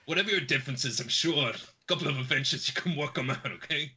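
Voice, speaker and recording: A man voicing a gruff, impatient middle-aged police chief. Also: fairly high pitch, quick pace, sharp tone, voice pushed up. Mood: brusque.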